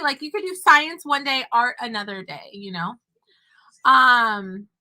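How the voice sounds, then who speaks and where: Young chatty homeschool mom, high and bright. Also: female voice. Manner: chatty, talking with her child between points. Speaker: homeschooling mother and online teacher. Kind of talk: casual talk to camera.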